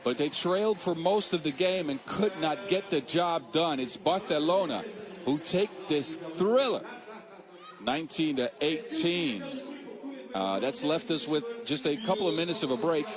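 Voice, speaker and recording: Male play-by-play caller, high bright voice, live courtside energy over loud arena music. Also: measured pace. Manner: excited, shouting at big moments. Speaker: play-by-play commentator. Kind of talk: live basketball commentary. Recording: music playing loud behind the voice.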